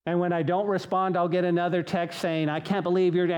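A man preaching to his congregation in a slightly higher register. He talks in an animated way, repeating words as he builds a point and slipping into little acted voices. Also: fairly quick, smooth. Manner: animated, acts out quoted voices, frequent restarts. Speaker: pastor. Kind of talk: sermon.

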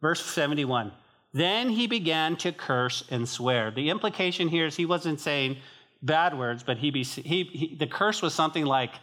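A pastor from northern New Mexico preaching a sermon to his church in an animated, emphatic, conversational way. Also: fairly high pitch, normal speed.

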